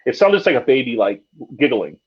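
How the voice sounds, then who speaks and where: A man's voice: mid-range voice, big pitch swings, brisk, slightly rough. A man, a paranormal investigator, telling a story casually, with many fillers and restarts. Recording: dull lo-fi sound.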